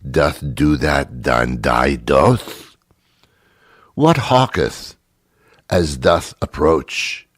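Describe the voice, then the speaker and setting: A man hamming up a pompous, overblown Shakespearean stage actor, drawing out each grand faux-archaic phrase at a slow, stately pace. The voice sits low and deep, and the sound is close and dry. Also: slightly rough, no echo, exaggerated voice.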